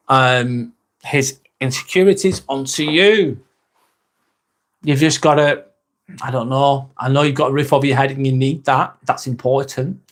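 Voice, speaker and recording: Casting: man, 40s, relaxed live-chat host, swears casually, reads viewer comments aloud. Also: medium pitch. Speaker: livestream host.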